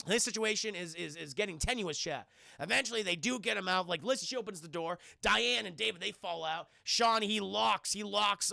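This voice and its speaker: A young man streaming from his apartment, recapping a film scene by scene for his chat in an excitable, profane way and acting out the characters' lines. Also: high voice, vocal fry, no room sound, studio quality.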